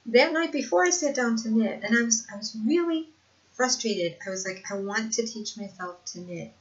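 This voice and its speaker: A woman's voice: a little high, normal speed. An older woman talking earnestly in a casual home video monologue, repeating herself for emphasis and laughing often. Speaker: vlogger sharing lived experience. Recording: dull lo-fi home recording.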